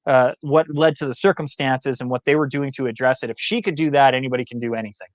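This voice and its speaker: A man telling stories as a podcast guest, acting out the people in them with lively voices. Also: mid-range voice, quick pace, no echo. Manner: animated storyteller who acts out quoted voices. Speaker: guest speaker and actor. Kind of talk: storytelling in a podcast interview.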